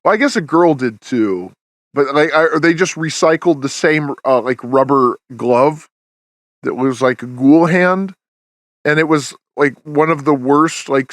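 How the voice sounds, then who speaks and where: A man's voice: fairly high pitch, unhurried, no room sound, studio quality. Chatty man reviewing a film. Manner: rambling, many restarts and fillers. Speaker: podcast host. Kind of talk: casual review chat.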